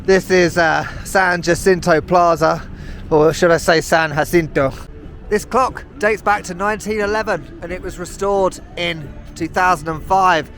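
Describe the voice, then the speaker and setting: A man's voice: high voice, normal speed, few pauses, a bit bright, soft background music. A British man narrating a walking travel vlog outdoors on city streets, chatty and self-mocking with sarcastic asides. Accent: British English. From United Kingdom. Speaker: travel vlogger.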